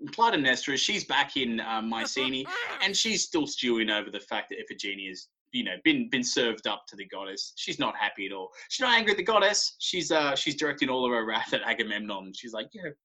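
Bright-voiced man retelling myths. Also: mid-range voice, animated, brisk, hardly any pauses, poor audio. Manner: laid-back, swearing, slangy retelling. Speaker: podcast co-host. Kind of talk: casual storytelling chat.

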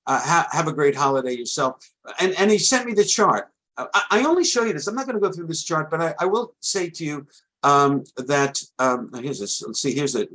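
A middle-aged man, a trading coach, giving a rambling sales pitch for his course and often stammering and restarting. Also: fairly bright tone, slightly rough, poor audio.

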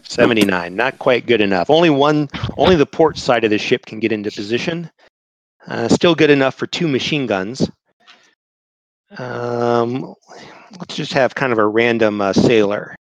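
A man narrating a tabletop game as game master, talking haltingly with many restarts while he describes the scene. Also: mid-range voice, animated, no echo, poor audio.

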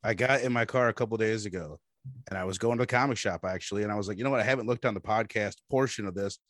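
A young man hosting a podcast, telling stories in animated casual chat and calling people "bro" and "dude". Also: on the low side, rapid-fire, no echo, studio quality. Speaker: podcast host.

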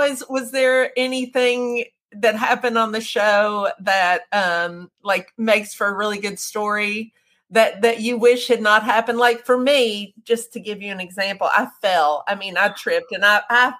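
A woman's voice: medium pitch, fairly even intonation, a little slow, a bit bright. A woman hosting a podcast interview in casual chat, friendly and self-deprecating and laughing along with her guest. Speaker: podcast host.

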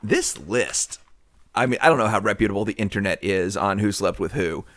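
A man's voice: lowish voice, expressive, normal speed, fairly bright tone, no room sound. A man co-hosting a casual film podcast, joking, laughing often and reading lists from his notes. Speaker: podcast co-host.

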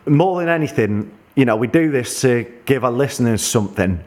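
A man's voice: mid-range voice, animated, brisk, darkish tone. A man co-hosting a podcast in an easygoing, matey casual chat. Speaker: podcast co-host.

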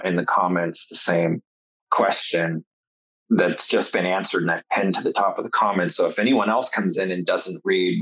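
A man with a very low, husky voice talks in loose, rambling casual chat. He swears freely and slips into sarcasm. The sound is close and dry. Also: a bit bright, no room sound, highs cut off.

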